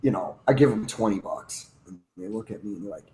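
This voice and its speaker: A man's voice: lowish voice, a little fast, warm tone, echoey room, low-quality recording. A man co-hosting a casual chat, rambling through jokey stories. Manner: joking, rambling storyteller with restarts. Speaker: podcast co-host.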